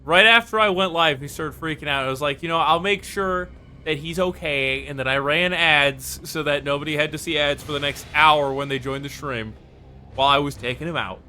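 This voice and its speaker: Slightly high and a bit fast, this man's voice has a sharp tone, and there's a little hiss or hum on the audio. He's giving casual live commentary while streaming a game, talking to himself and viewers and occasionally swearing over the game music.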